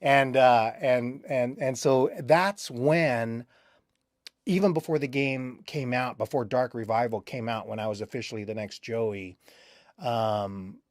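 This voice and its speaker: A man of middling pitch looks back on his voice acting work in a loose, rambling way, full of fillers and false starts. His voice is recorded close and dry, with no room sound around it. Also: measured pace, no room sound. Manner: rambling, many fillers and restarts. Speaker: voice actor. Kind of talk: recalled interview answers.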